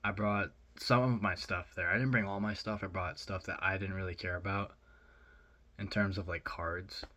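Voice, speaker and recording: A young man telling a rambling, excited story in a casual vlog, with lots of fillers. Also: low-pitched, normal speed. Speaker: vlogger.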